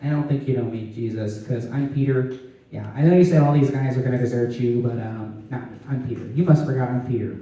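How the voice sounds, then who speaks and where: A man voicing a boastful but sheepish young male disciple, speaking low and hushed with nervous insistence. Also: steady tone, fast talker, close to an everyday voice. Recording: echoey hall, distant mic.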